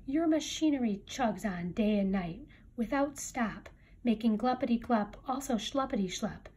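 A woman's voice: a little high, animated, moderate pace, a little mellow, a little hiss or hum, natural voice. A woman reading a picture book aloud and voicing a small grumpy male creature who guards the trees, in a scolding, pleading manner. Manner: scolding, pleading storybook delivery.

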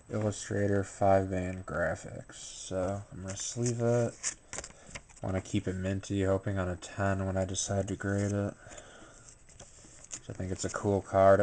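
Tired man, deep flat delivery, slow pace; casual unboxing vlogger. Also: slight background noise. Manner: low-key, unhurried commentary with filler words. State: tired and sleepy. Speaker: YouTuber opening a card pack.

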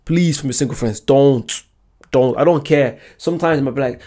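Brief: male reaction vlogger, mid-pitched voice, emphatic and repetitive, chatty advice. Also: normal speed, mellow. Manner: emphatic, repeats his points. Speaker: YouTube reaction host. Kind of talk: casual reaction commentary.

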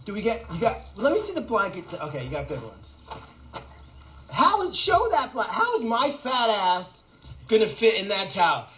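A man running an animal sanctuary, chatting excitedly and rambling with lots of laughter in a casual fundraising video outdoors. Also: high voice, a little fast, rough recording. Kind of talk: casual fundraising vlog chat.

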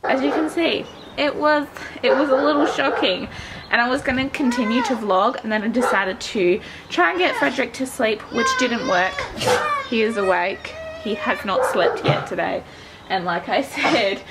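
Young Australian mother, casual confiding vlogger, fry in the voice, noisy home recording. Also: fairly high pitch, big pitch swings, normal speed. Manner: chatty, confiding to viewers, drops to a whisper at times. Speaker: vlogger mum. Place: house and backyard.

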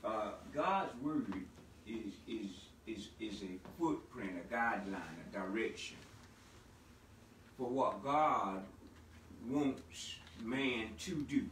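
A man preaching as pastor of a church, moving from a quiet spoken prayer to loud, shouted sermon passages. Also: lowish voice, expressive, slow, roomy sound, distant mic, slight background noise, low-quality recording.

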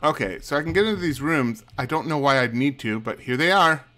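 A man's voice: medium pitch, animated, fairly quick, pushed and bright. A man casually commenting while he plays a co-op video game with a friend, chatty and cursing now and then. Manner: chatty, swears, reads on-screen dialogue aloud with laughs. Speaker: streamer playing a co-op game.

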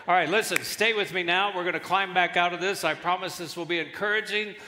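A male guest pastor preaching a sermon with animated delivery and jokes, in a large church hall. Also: high-pitched, brisk, background noise. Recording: echoey church hall with long reverb.

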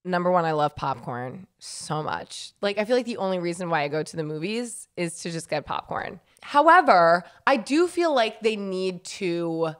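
A woman's voice: fairly low pitch, very animated, moderate pace, few pauses, fairly bright tone, clean tone. A woman co-hosting a podcast in casual chat, rambling through stories, laughing often and swearing freely. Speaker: podcast co-host.

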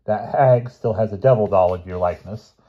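A man voicing a crabby, bombastic elderly male professor in an audiobook reading, loud and indignant. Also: lowish voice, a little fast, narrow, tinny audio, close to an everyday voice. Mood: grave.

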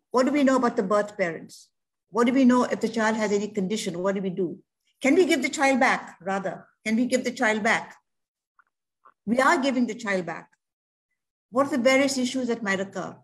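An earnest, reassuring woman speaking as a counselor on an online talk show. Her voice sits a little high, and she works through one rhetorical question after another. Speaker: adoption counselor guest.

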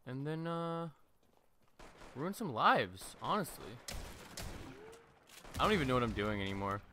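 A man's voice: mid-range voice, big pitch swings, unhurried, bright, forceful tone, a little hiss or hum. A young man giving joking, profane gameplay commentary into a desk mic on a stand, with sudden shrieking outbursts. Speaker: gaming streamer.

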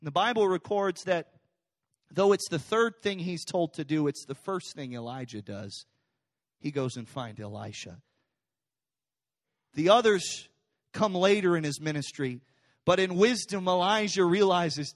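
A male pastor preaching a sermon in a church, animated and conversational, swinging between loud, intense passages and hushed, soft ones. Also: high-pitched, measured pace, long pauses. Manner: casual, conversational phrasing with fillers. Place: church sanctuary.

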